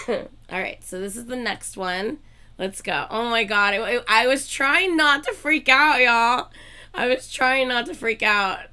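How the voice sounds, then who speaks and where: A woman hosting her own channel, chatting casually to viewers in a gushing, excitable way and swearing often. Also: on the high side, vocal fry. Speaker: reaction channel host.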